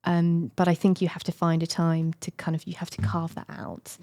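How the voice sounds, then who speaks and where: Low flat woman's voice, gravelly and mellow, calm and careful, dry close sound. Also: dry recording. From United Kingdom. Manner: measured, thoughtful, soft-spoken with many hedges. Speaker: child and adolescent psychiatrist, guest. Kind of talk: interview conversation.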